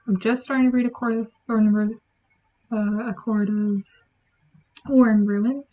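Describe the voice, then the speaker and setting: A woman giving a chatty, animated book review, acting out lines from the story. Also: a little high, normal speed. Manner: chatty, animated, acts out quotes. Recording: dull lo-fi sound.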